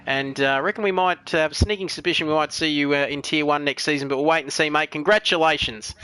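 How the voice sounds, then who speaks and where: Australian man, sim racing commentator, high voice, crisp and bright, worn-out voice, jokey banter. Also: steady tone, fast talker, dry recording, poor audio. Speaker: lead commentator.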